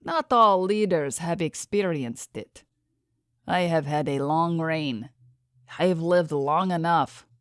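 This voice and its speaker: A woman voicing a gentle, weary old man, a dying tribal leader, speaking weakly and solemnly in an audiobook. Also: sits low, slow pace, no echo, studio quality. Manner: weak, tender, solemn.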